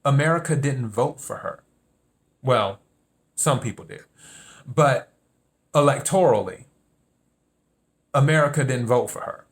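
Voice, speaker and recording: A man's voice: medium pitch, unhurried, pauses often. Emphatic man hosting a solo commentary podcast. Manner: emphatic, repeats key points. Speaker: podcast host. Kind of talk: solo political commentary monologue.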